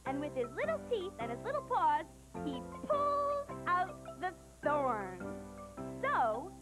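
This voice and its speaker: A woman hosting a children's storybook show, talking in a bubbly, excited, sing-song way. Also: high voice.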